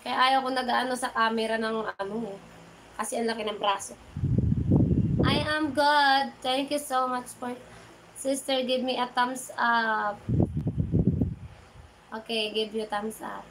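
A woman with a Filipino accent hosts a casual livestream, talking slowly. She greets viewers by name and reads their chat aloud, switching between English and Tagalog. Her voice sits high, and loud noise runs under it throughout. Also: fairly even intonation. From Philippines. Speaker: livestream host.

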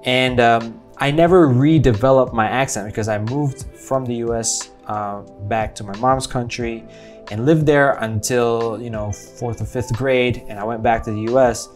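American guy rambling thru a movie review, mid pitch, lots of restarts, faint music behind. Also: moderate pace. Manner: chatty, rambling, frequent self-corrections. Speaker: film reviewer. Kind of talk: casual spoken movie review.

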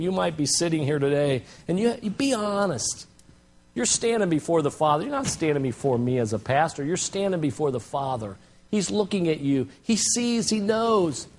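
Male pastor, high voice, preaching sermon in church; dramatic swings between quiet and shouting. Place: church sanctuary.

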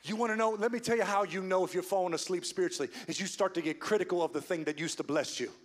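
A man preaching a sermon as pastor, swinging from hushed, slow lines to loud, fast build-ups. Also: high voice. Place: church sanctuary. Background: soft music.

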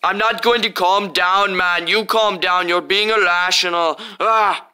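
A man's voice: high voice, measured pace, sharp tone, clear, resonant tone, pitched above the performer's own voice, full character voice. A man doing a whiny hot-tempered young guy. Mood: fuming. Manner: whiny, aggrieved, repeats "man".

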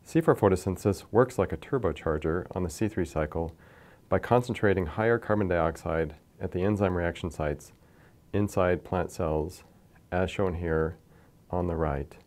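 A man lecturing from slides in a measured, explanatory way, pointing to figures as he goes. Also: low voice, a little mellow. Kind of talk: scripted science lecture over slides.

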